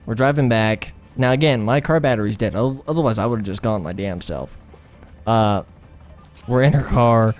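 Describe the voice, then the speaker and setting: A man's voice: fairly low pitch, moderate pace, soft background music. A young man telling a personal story over gameplay in a rambling, profane, frank way. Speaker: gaming storyteller.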